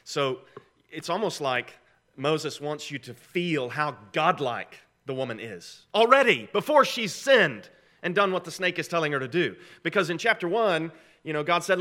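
A middle-aged man preaching a sermon in a conversational but emphatic way, often posing rhetorical questions. His voice sits a little high and sounds bright and forceful. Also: expressive, normal speed. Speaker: pastor.

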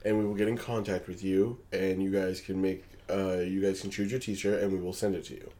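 Guy with a lowish voice co-hosting a podcast, casual, joking around, kinda fumbles his words. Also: level tone, brisk, mellow. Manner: rambling, hesitant, joking. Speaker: podcast co-host. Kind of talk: casual chat.

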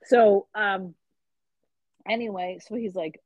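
A woman on a podcast, chatty and animated as she acts out the characters' lines. Her voice sits at a middle pitch. The recording sounds a bit dull, close and dry. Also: normal speed, no echo. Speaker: podcast co-host. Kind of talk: casual chat recapping a mystery novel.

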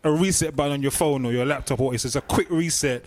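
A man's voice: mid-range voice, quick pace, no echo. A man hosting a casual group chat, musing and repeating his points. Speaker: podcast host.

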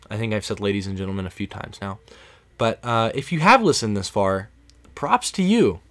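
A man's voice: lowish voice, expressive, normal speed, fairly bright tone. A man hosting a podcast in casual late-night chat, rambling and reflective, restarting his sentences, a few drinks in. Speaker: podcast host. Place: cabin in the woods.

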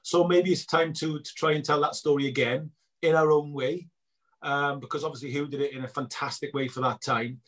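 A middle-aged man, a filmmaker being interviewed, telling animated stories and acting out both sides of conversations. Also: a little high, brisk. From Wales. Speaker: guest filmmaker. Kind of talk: casual interview chat.

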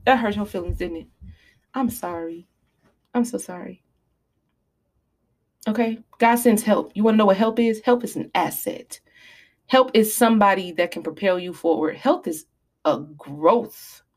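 Preachy woman podcaster, casual speech. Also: mid-range voice. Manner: animated, preachy, apologizing in mock fashion. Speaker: podcast host. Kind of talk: casual advice talk.

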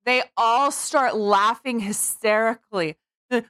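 A woman co-hosting a comedy podcast who tells stories in an animated way and laughs often. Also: medium pitch, a little slow, dry recording, clean studio sound. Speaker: podcast co-host. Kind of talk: casual comedic chat.

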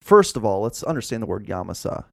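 A man's voice: fairly low pitch, big pitch swings, fast, creaky, no room sound, studio quality. A man co-hosting a casual podcast, playful and reciting odd facts with mock seriousness. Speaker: podcast co-host.

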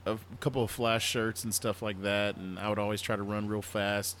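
A man's voice: lowish voice, level tone, normal speed, fairly bright tone. A man co-hosting a podcast in casual chat, playful and chuckling. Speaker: podcast co-host.

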